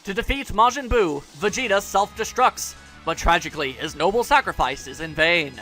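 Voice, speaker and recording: A man with a high, bright voice running a let's play. He commentates with goofy jokes and keeps taunting the enemy. Faint game music plays under his voice. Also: expressive, moderate pace. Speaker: gaming channel host.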